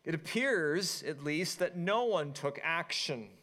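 A pastor preaching a sermon, reading scripture and retelling it in an animated, storytelling way. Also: male voice, fairly high pitch, slow pace. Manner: animated storytelling, acting out quoted voices.

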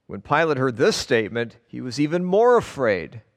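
A male pastor reads scripture aloud and explains it, preaching with earnest emphasis and stressing each word in turn. His mid-range voice has a sing-song lilt and a moderate pace. A large hall gives the recording a long reverb.

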